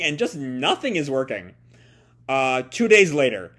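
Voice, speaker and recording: A man's voice: mid-range voice, sing-song, measured pace, bright, forceful tone. A man hosting a casual live comic reaction, thinking aloud and often rephrasing and doubling back mid-sentence. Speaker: host.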